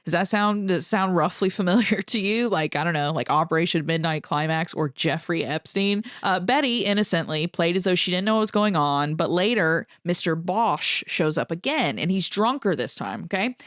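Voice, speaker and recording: A woman podcast host tells a tale of old scandal in easy, conversational storytelling. Her voice sits slightly low and she talks loosely, full of "like" and casual swearing. The sound is dry and close, with no room around it. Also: lively intonation, normal speed, few pauses, a bit bright, no echo. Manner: chatty, frequent "like", casual swearing. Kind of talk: casual true-crime storytelling.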